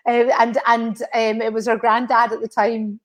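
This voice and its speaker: Giggly high-voiced woman host. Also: little pitch movement, moderate pace. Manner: friendly, giggly, reads viewer comments. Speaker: showbiz interviewer and host. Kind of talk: casual interview.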